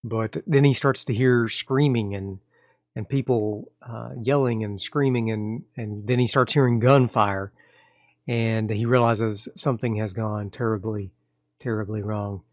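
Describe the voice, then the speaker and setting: A man hosting and narrating a solo tabletop horror game, telling the story in a loose, relaxed way with fillers and restarts. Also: on the low side, a little slow, dry recording, clean studio sound. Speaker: game master and host of solo tabletop play.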